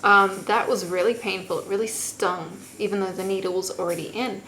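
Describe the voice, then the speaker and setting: Young woman vlogger, mid-pitched, blunt and profane, casual storytelling, faint noise behind. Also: steady tone, brisk, pushed and bright, poor audio. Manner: candid, swears freely, acts out quotes.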